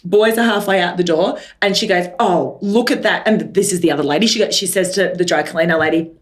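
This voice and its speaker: An Australian woman in her thirties, co-hosting a podcast, telling an animated story in casual chat and acting out what people said. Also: lowish voice, fast. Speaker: podcast co-host.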